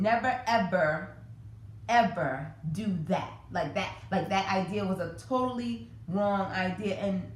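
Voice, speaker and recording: A woman hosting a parenting podcast, talking casually with many fillers and restarts. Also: medium pitch. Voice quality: conversational, many fillers and self-corrections. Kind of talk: casual educational talk. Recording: echoey room with faint noise.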